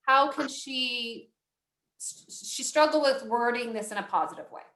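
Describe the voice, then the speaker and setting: A woman's voice: a little high, unhurried, a bit bright. A woman moderating a video call workshop, reading out audience questions in a friendly, chatty, sometimes apologetic way. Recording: roomy video call audio.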